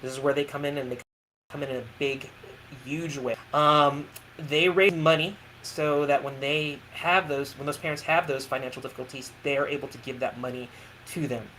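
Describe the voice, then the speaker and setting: A man's voice: fairly high pitch, fairly even intonation, moderate pace, bright, forceful tone, a little hiss or hum, rough recording. A man hosting a casual interview over a video call, talking earnestly with many restarts. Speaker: podcast host.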